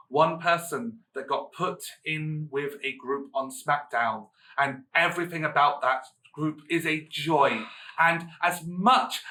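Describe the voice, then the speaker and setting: A man's voice: fairly high pitch, pushed and bright, distant mic, low-quality recording. A man co-hosting a casual podcast, enthusiastic and gushing. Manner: enthusiastic, hesitant fillers then gushing. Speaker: co-host.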